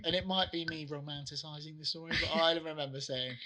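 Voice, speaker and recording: A middle-aged man, a soccer trainer and interview guest, telling animated stories and acting out what people said. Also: a little high, fast. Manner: animated anecdotes, acts out quotes. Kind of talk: casual interview storytelling.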